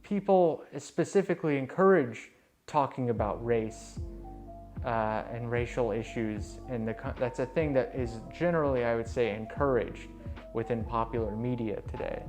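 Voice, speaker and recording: A man's voice: medium pitch, moderate pace, darkish tone. Rambling sarcastic guy over faint music. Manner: rambling, mocking, fillers and trailing asides. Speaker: video host reviewing books. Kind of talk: casual sarcastic commentary.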